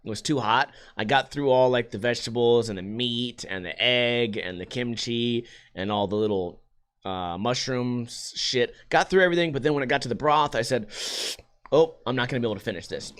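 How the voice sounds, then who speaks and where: Man, podcast host, casual rant, lots of swearing, mid-pitched voice. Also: normal speed, fairly bright tone, clean tone. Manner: profane, ranting storytelling. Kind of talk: casual chat.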